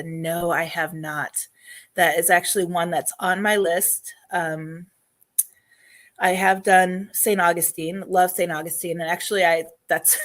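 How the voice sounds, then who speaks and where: Hoarse woman host, chatty and halting. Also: fairly low pitch. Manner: chatty, full of ums, keeps clearing her throat. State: hoarse, losing her voice. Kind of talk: casual live-stream talk answering chat.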